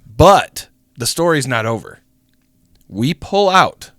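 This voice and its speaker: Animated young man telling a story. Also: medium pitch, takes it slowly, no room sound, studio quality. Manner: animated, swearing, acts out voices in the story. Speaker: podcast co-host. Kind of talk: casual storytelling.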